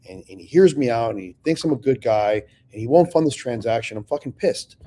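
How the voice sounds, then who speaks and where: A man's voice: mid-range voice, animated, a little fast, dark tone. A middle-aged man telling his own business story in a casual, profane way, acting out both sides of past conversations. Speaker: real estate investor telling his story.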